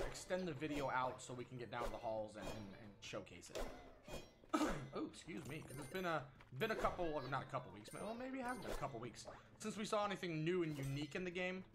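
Excitable male gameplay host, slightly high voice, lively delivery. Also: background noise. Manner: excitable, frequent exclamations, self-talk. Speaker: gaming channel host. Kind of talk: casual gameplay commentary. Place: at home. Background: game music.

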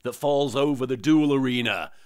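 A man hosting a comedic cartoon recap, sarcastic, sweary and quick-witted, on a close mic. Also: mid-range voice, a little hiss or hum. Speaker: host, reaction recapper.

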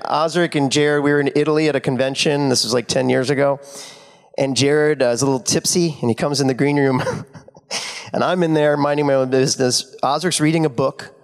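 A man's voice: fairly high pitch, vocal fry. A middle-aged man telling laughing anecdotes as an actor on a convention panel. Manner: animated, laughing, full of impressions. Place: convention stage.

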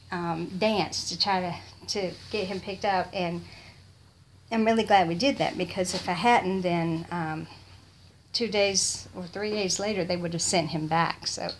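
A woman's voice: lowish voice, a little hiss or hum. A woman talking casually in an unboxing vlog. She gasps often and drops into awed whispers. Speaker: vlogger.

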